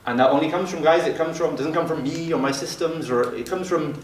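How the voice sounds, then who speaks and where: A man's voice: fairly high pitch, a little fast, a little hiss or hum. A man leading a mastermind group for gym owners, talking in a brash and profane way. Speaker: fitness business mentor. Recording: roomy sound from a distant mic.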